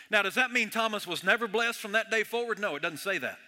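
A man preaches a sermon with a sharp, very bright and fairly high voice. He talks in a conversational, joking way, dropping to a hush and then rising loud. The sound rings with the long reverb of a church hall. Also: lively intonation, quick pace, hardly any pauses.

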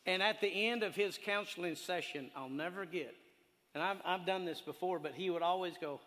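A man preaching a sermon in a folksy, animated way, telling stories and laughing along with them. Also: high voice, moderate pace. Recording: long hall reverb.

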